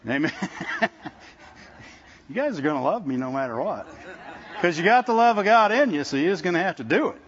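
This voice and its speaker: A man's voice: high voice, lively intonation, fairly quick, long pauses, a bit bright, lo-fi sound. A man preaching to a congregation as a visiting speaker, talking conversationally with frequent restarts and often calling out "Amen?" to the room. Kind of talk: sermon. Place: church service with congregation.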